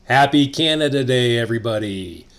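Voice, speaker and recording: A man's voice: medium pitch, lively intonation, normal speed, a bit bright. A middle-aged man hosting a casual vlog monologue, rambling and joking with asides. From United States. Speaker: host.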